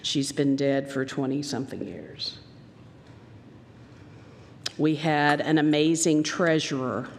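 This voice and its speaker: In a church sanctuary, a woman minister with a Southern American accent preaches a sermon in a rumbling low voice, telling stories animatedly and acting out the voices she quotes. There's a little hiss or hum, plus a long hall reverb.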